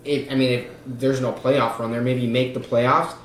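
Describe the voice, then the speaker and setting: A man's voice: medium pitch, flat delivery, moderate pace. Young male podcast host, loose and jokey, ums and likes, recorded in an echoey room. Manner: rambling, filler-heavy, joking. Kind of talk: casual fantasy football chat. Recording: echoey room with faint noise.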